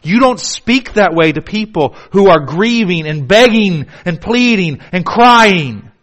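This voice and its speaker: A male pastor, preaching a sermon with drama, dropping to hushed tones and then building to emphatic repetition. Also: high voice, animated, measured pace. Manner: dramatic, shifts from hushed to emphatic, repeats words.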